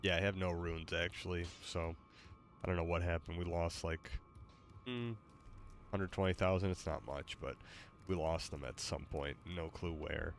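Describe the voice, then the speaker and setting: Deep-voiced tired male streamer. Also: steady tone, moderate pace, creaky, soft background music. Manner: rambling, hesitant, many fillers. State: tired, yawning. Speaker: gaming streamer host. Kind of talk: casual gaming stream chat.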